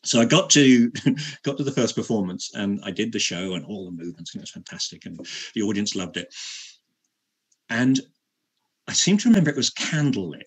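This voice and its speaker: An actor being interviewed shares a story at his own expense in a lowish, husky voice with lively intonation. He halts and repeats words a lot, breaking into frequent laughter.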